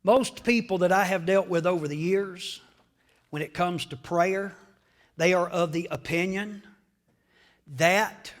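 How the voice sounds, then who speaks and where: A man pastor preaching a sermon in a call-and-response style, swinging from hushed tones up to loud peaks. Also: high voice.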